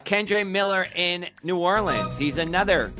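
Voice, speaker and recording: A man's voice: sits high, animated, unhurried, over music. A man co-hosting a fantasy football show, talking in a casual, joking and confident way. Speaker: fantasy football podcast co-host. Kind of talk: casual sports chat.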